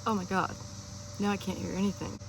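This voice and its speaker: A woman's voice: medium pitch, flat delivery, a little fast, gravelly. Chatty young woman with background hiss. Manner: chatty, upbeat, says y'all a lot. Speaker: van-life vlogger. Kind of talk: casual travel vlog. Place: in and around a minivan on a road trip.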